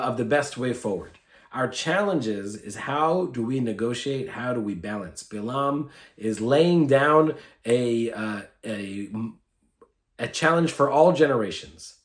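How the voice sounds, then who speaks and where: A man giving a brief weekly sermon, retelling a story in a lively, informal way with fillers, recorded in an echoey room. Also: mid-range voice. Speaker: clergy giving a weekly Torah talk. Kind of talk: short sermon, conversational storytelling.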